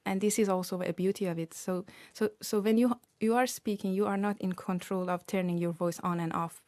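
A woman researcher being interviewed on radio, explaining her work in a measured, careful way. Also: medium pitch, fairly even intonation, a little mellow, dry recording. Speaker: researcher guest.

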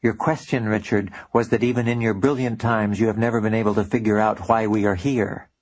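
A man voicing a calm, teasing spiritual teacher in an audiobook, speaking quietly and patiently in riddles. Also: fairly low pitch, fairly quick, close to an everyday voice. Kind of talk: audiobook character voice.

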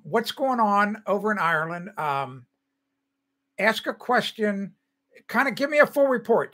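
A man's voice: high-pitched, bright, forceful tone. An older man hosting a casual livestream, chatting loosely and reading out viewer comments as he greets people by name. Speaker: livestream host.

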